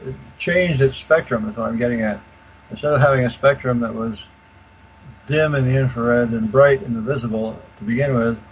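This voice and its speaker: An older man explaining in detail as a radio guest, halting with many fillers and restarts. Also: medium pitch. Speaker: guest expert. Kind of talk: casual explanation on a call-in radio show. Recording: dull lo-fi call audio with faint hiss.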